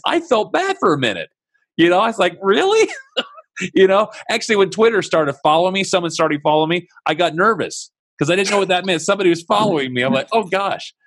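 A man's voice: fairly high pitch, fairly bright tone. A man hosting a conversational interview. He sounds enthusiastic as he prompts his guest with questions and asks him to tell stories.

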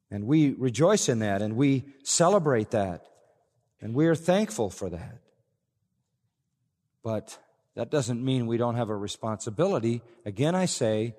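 A male pastor works through a passage at a slow, measured pace, pressing his points with earnest repetition. His mid-pitched voice rings out in a large church auditorium with a long, lingering reverb. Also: a little mellow. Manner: earnest, emphatic, repeats key phrases. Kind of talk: expository sermon.

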